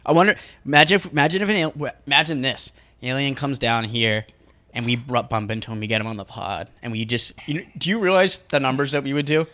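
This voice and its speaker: A man's voice: medium pitch, quick pace, bright, forceful tone. A young man co-hosting a casual podcast, rambling through his points with frequent restarts and laughs. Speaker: podcast co-host. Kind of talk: casual chat. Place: small hot home studio.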